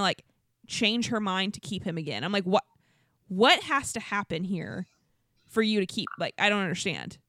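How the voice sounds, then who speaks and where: Woman co-host, casual recap chat, lively quote impressions, dry studio sound. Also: mid-range voice, no echo. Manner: animated, acts out quotes in exaggerated voices. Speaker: podcast co-host.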